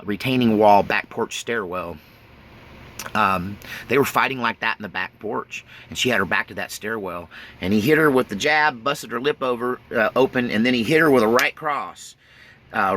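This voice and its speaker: Candid man with a bright voice. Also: mid-range voice, a little hiss or hum. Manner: candid, nervous laughter, blunt, folksy. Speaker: autobiographical storyteller. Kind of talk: casual spoken memoir.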